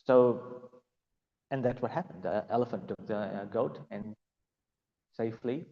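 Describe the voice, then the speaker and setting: A man's voice: fairly low pitch, unhurried, echoey room, in a large hall, muffled recording. A man giving a devotional class and telling a story, hesitant and full of fillers. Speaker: class speaker.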